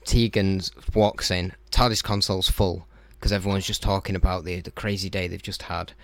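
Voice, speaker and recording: A man with a lowish voice trades silly jokes in casual podcast chat. He laughs often and trails off mid-sentence. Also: level tone, moderate pace, fairly bright tone, no echo.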